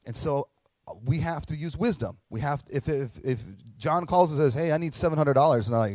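Earnest middle-aged pastor, dry close sound. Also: male voice, medium pitch, quick pace, a little mellow, dry recording. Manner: conversational, earnest storytelling with acted quotes. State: tearing up at moments. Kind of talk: sermon.

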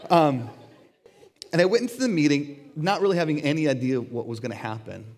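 A middle-aged man preaching a sermon in a conversational, animated way, acting out the voices he quotes. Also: fairly high pitch, fairly quick. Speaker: pastor.

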